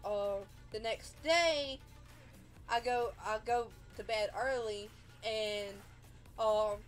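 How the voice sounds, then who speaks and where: A woman telling a personal story on a livestream, rambling with lots of fillers and restarts. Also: medium pitch.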